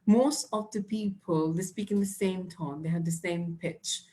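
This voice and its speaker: Female trainer, lower-pitched, instructive and fond of saying "dear". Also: a little slow, dark tone. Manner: instructive, addresses students as dear. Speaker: IELTS trainer. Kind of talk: live online class, answering chat.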